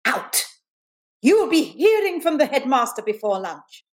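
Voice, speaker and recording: A woman's voice: sits high, sing-song, unhurried, voice pushed up. A woman reading aloud voices a stiff, flustered female schoolteacher who strains to sound stern. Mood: angry.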